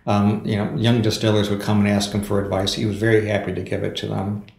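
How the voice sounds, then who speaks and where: A man with a low, gravelly voice spins anecdotes as a podcast guest, full of ums and small laughs. His voice bounces around a roomy, echoey space. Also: level tone, quick pace, a little mellow. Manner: anecdotal, with fillers and chuckles. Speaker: author guest. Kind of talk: casual storytelling in a podcast interview. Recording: echoey room.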